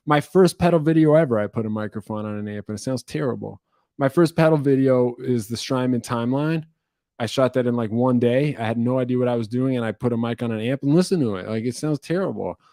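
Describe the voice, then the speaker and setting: A man's voice: medium pitch, fast talker, mellow, no room sound, clean studio sound. A man casually rambling through viewer questions at his computer, self-interrupting and wry, with a cough now and then. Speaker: music YouTuber answering viewer questions. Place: indoor room at his computer. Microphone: computer webcam setup.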